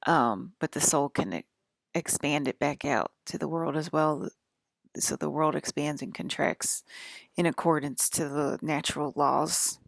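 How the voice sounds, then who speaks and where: A woman's voice: low voice, a little slow, gravelly, no room sound, full character voice. A woman speaking in a put-on Southern accent as her persona, rambling with many fillers in a casual monologue. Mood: musing.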